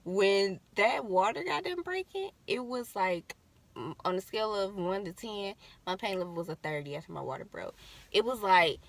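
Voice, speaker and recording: A young woman co-hosting a casual chat, telling her labor story in an animated way and acting out her own screams. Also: medium pitch, normal speed. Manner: animated, acts out screams and quotes.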